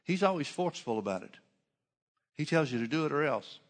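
A man's voice: on the high side, expressive, brisk, long reverb tail. A man preaching a sermon, driving his points home with repeated phrases and rhetorical questions.

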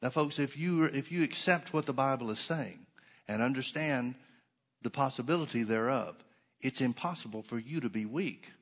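A middle-aged pastor with a slightly rough mid-range voice preaches a sermon emphatically, sometimes sarcastically, slowing down to stress repeated words.

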